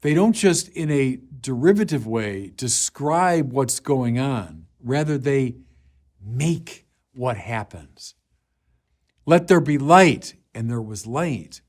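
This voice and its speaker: Male preacher, middle-aged, unhurried delivery, mid-pitched voice, swells into forceful proclamations. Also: lively intonation. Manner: slow, deliberate, rising to emphatic declarations. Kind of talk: sermon.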